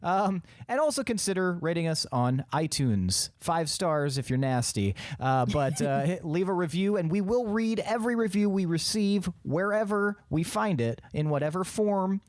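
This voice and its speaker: Male podcast host and game master, slightly higher voice, rambling and joking, dry close mic. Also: lively intonation, normal speed, few pauses, a little mellow, no room sound. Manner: rambling, filler-heavy, joking. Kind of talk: podcast outro and casual banter.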